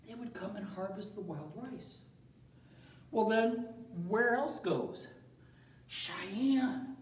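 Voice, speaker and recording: A man's voice: high voice, dark tone, echoey room, far from the mic, a little hiss or hum, low-quality recording. A man teaching a playful, chatty geography lesson who keeps asking his audience questions. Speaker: science educator.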